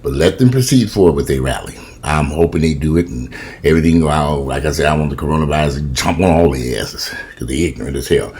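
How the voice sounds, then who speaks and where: A man's voice: extremely low pitch, quick pace, darkish tone. A man in his fifties ranting profanely and animatedly in a casual home vlog, filming himself on a camera in his kitchen. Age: 50s. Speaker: vlogger.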